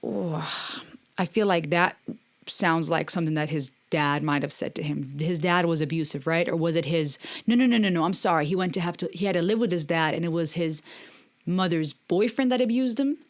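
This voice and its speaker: A woman's voice: fairly low pitch, fairly quick. A woman hosting a music reaction video, talking casually and earnestly, with encouraging, faith-based remarks to her viewers.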